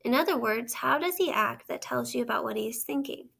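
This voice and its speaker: A woman teacher reads a story aloud in a measured way and stops to ask the listener questions. Her voice sits high for a woman and carries a strong gravelly fry. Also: expressive, fairly bright tone. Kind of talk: read-aloud lesson narration.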